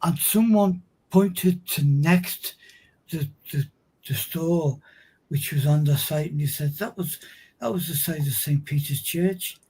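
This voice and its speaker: Slow, husky stream host. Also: male voice, fairly high pitch, dark tone, low-quality recording. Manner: hesitant, repeats words while thinking aloud. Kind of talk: casual chat on a live stream.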